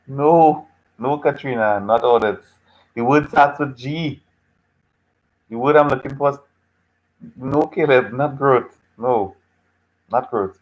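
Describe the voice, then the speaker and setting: A male lecturer runs a live online class, reacting to what students type in. He is patient and teasing, and he repeats his phrases over and over. His voice sits at an ordinary middle pitch. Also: slow pace, pauses often, dull audio.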